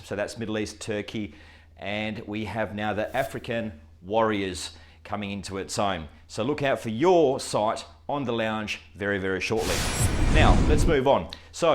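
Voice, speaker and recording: A man hosting a corporate show, with energetic, punchy announcer delivery. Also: fairly low pitch. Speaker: host. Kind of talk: upbeat corporate show presenting.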